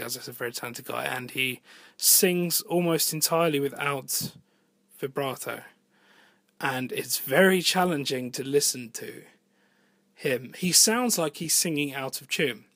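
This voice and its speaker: A singer-songwriter talks through his album in a loose, rambling monologue, thinking aloud and letting the odd swear word slip. His voice sits at an ordinary middle pitch for a man. The recording is dry and close, with no room sound. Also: measured pace, a bit bright, no room sound. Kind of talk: casual spoken monologue about album production. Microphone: home voice recording.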